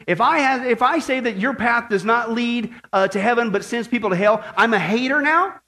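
A man's voice: very high voice, normal speed, hardly any pauses, a bit bright. A man preaching a sermon, emphatic and full of rhetorical questions to his listeners. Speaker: pastor.

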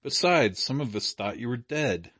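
An eager young woman, as a male reader puts her on, quick and breathless in her earnestness. The voice sits well above his own low register, recorded dry and close with no room sound. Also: lively intonation, fairly bright tone, husky, no echo. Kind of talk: audiobook character reading.

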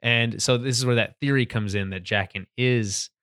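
A man's voice: mid-range voice, fairly even intonation, moderate pace, fairly bright tone, no room sound, studio quality. A man co-hosting a podcast, chatting casually about a TV episode, laughing often and restarting sentences. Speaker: podcast co-host. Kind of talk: casual chat recapping a TV episode.

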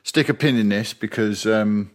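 Brief: male co-host, measured and dry-witted, slightly low voice. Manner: measured, dryly sarcastic. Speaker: podcast co-host. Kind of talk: casual film debate.

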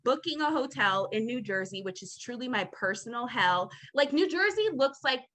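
A woman's voice: a little high, sing-song, normal speed, fairly bright tone, rough recording. A young adult woman hosting a podcast, telling a long story in a casual, rambling, exasperated way with plenty of swearing. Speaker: podcast host.

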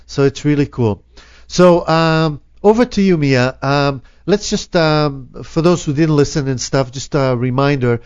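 A man's voice: a little high, a little slow, hardly any pauses, darkish tone, smooth, no echo. A man hosting a casual morning radio show, chatty and rambling, with lots of fillers and restarts. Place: radio studio. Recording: dry, dull lo-fi studio sound.

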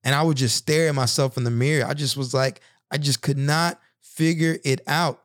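A man in his thirties talks through personal stories in an earnest, reflective way, pausing and restarting as he thinks. His voice sits at a middling pitch. The sound is dry and close, with no room echo. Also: steady tone. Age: 30s. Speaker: podcast host. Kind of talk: personal storytelling monologue.

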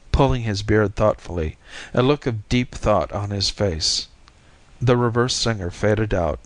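A man narrating a story in a measured, even reading voice. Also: lowish voice, dry recording. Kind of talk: audiobook reading.

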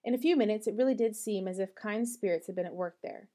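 A woman reads a classic novel aloud, measured and expressive. Her voice is mellow and soft-toned, sitting at a middle pitch. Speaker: audiobook narrator. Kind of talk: audiobook reading.

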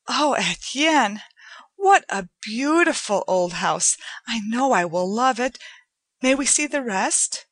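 A woman's voice: a little high, very animated, measured pace, fairly bright tone, dry recording, pitched above the performer's own voice, exaggerated voice. A woman doing an eager young bride. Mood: delighted. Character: young, lively, affectionate woman, the narrator's bride.

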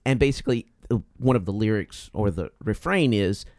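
A man's voice: on the low side, expressive, fairly quick, darkish tone, no room sound, clean studio sound. A man co-hosting a political talk radio show, talking in an emphatic, folksy, jokey way.

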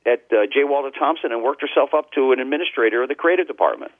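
A man's voice: mid-range voice, fast talker. An older man, a talk radio host, telling stories in a chatty, anecdotal way during an interview, with frequent restarts. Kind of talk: casual interview storytelling. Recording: tinny phone line.

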